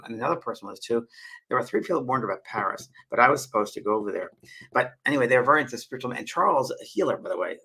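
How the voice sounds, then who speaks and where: A man hosting a casual live stream, answering viewers' questions in a rambling, halting way and often repeating his words. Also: medium pitch, gravelly, sharp tone, breathy edge, low-quality recording. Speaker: host and spiritual medium.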